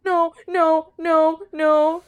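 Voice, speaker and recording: A woman's voice: extremely high pitch, little pitch movement, very slow. A woman playing a horror game, frightened, swearing and repeating herself as she reacts. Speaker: game player.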